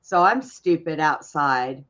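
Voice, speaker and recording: A woman's voice: low voice, slow, a bit bright. Chatty woman co-host, dull lo-fi sound. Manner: chatty, laughing, teasing. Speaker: co-host of a daily news talk show. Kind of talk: casual banter on a livestream.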